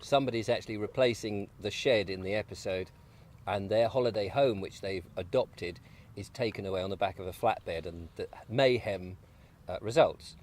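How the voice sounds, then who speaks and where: Sitting outdoors on an allotment for breakfast, a male guest and video maker rambles through a jokey, casual chat, now and then while chewing. His fairly low voice has a darkish tone and moves at a moderate pace with few pauses.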